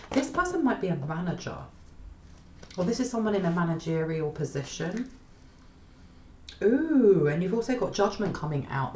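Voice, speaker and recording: Woman pulling tarot cards, echoey room. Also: on the low side. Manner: exclaims and repeats questions while pulling cards. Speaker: tarot reader. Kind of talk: channeled tarot reading, thinking aloud. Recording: dull, echoey room with faint noise.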